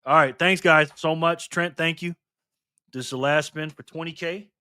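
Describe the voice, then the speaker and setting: A man hosting a casual live stream, reading the chat aloud with excitement and frequent laughter. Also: fairly high pitch, normal speed, smooth, no echo, clean studio sound.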